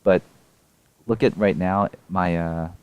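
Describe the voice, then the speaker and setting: A man's voice: low-pitched, fairly even intonation, takes it slowly, smooth, dry recording. A young man casually explaining his game run frame by frame, rambling and correcting himself with small laughs. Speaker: speedrun player explaining a tool-assisted run.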